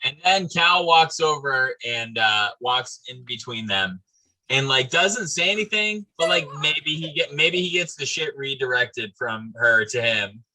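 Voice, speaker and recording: A man's voice: mid-range voice, expressive, measured pace, bright, forceful tone, poor audio. A man playing a tabletop game, laid-back and cursing freely. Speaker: player. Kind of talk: casual tabletop play.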